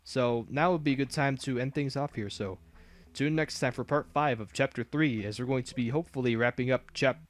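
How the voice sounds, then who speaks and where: A man's voice: medium pitch, fairly quick. Brief: laid-back male let's-player, loose and chatty. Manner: rambling, with restarts and fillers. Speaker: gaming video host. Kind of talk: casual let's-play commentary.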